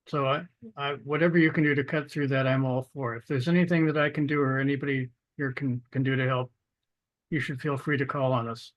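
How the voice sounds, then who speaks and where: A man hosting a monthly show on a video call, halting and searching for words. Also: mid-range voice. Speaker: show host.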